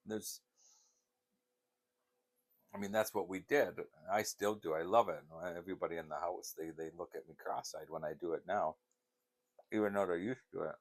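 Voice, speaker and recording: A man's voice: low-pitched, normal speed, creaky, long pauses. An older man vlogging in a casual, rambling chat, wandering from one story to the next.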